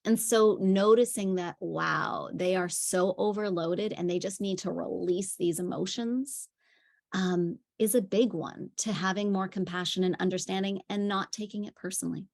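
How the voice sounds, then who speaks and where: A woman parenting coach speaks in a mid-range, steady, slightly mellow voice with a gravelly edge, at a moderate pace. Her teaching talk is conversational, full of chatty stories and frequent fillers.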